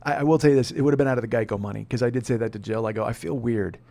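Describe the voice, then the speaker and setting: A man's voice: medium pitch, racing, dark tone. Rambling, cussing man telling a story. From Chicago. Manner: rambling, profane, self-deprecating. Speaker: podcast host. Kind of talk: casual comedic storytelling.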